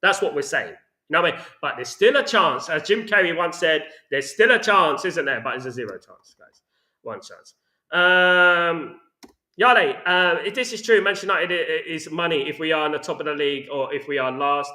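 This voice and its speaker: A man's voice: fairly high pitch, animated, a little fast, bright, forceful tone. A man hosting a casual football fan chat, reading out comments and ranting with lots of "you know what I mean". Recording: echoey room.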